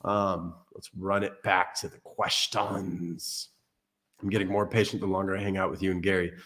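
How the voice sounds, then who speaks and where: A man's voice: low voice, little pitch movement, moderate pace, fairly bright tone. A man hosting a casual livestream, rambling and joking between tech tips, swearing casually. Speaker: crypto livestream host. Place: Portugal.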